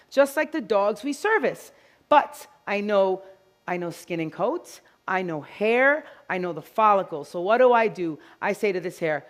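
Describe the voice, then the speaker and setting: A woman giving an animated live demo talk to groomers, telling stories and acting out quotes. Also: mid-range voice, normal speed. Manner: animated, storytelling, acts out quotes. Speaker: grooming educator. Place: event hall with live audience.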